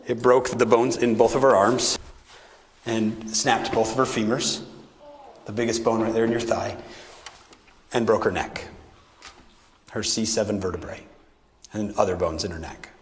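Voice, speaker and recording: A man giving a motivational talk to a live audience. He tells a story with animated acted quotes and drops to a hushed near-whisper at tense moments. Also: on the low side, measured pace, long pauses, slight background noise. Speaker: speaker telling stories to an audience. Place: large hall with a high ceiling. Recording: live hall with long reverb.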